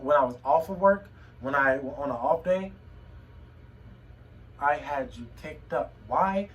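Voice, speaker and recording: Young man, slightly high voice, emotional halting vlog talk, repeats words, distant phone mic. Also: fairly bright tone. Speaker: vlogger. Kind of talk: personal vlog monologue. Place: home room.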